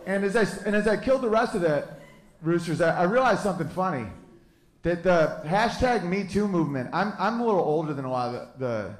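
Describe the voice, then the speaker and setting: A man's voice: high voice, lively intonation, fairly quick. A man in his thirties doing stand-up comedy, crude and brash as he tells a story. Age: 30s. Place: live comedy venue. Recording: echoey live room, crowd laughter.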